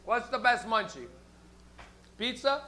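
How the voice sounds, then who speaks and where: Giggly high-voiced stoned comedy host. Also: male voice, animated, takes it slowly, sharp tone. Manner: rambling, giggly, stoned banter. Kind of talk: stand-up crowd work. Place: small comedy stage with live audience.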